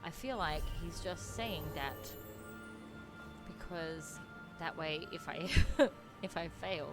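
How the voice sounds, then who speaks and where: Speaking slowly in a lowish voice, an Australian woman chats her way through a video game stream, thinking out loud as she plays. Loud game music sits behind her casual commentary.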